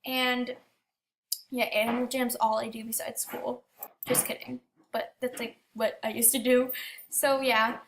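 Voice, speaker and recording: Chatty teen girl, high voice. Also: little pitch movement, measured pace, fairly bright tone, a little hiss or hum. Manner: chatty, lots of "like" and restarts. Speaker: gaming storyteller. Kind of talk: casual storytelling.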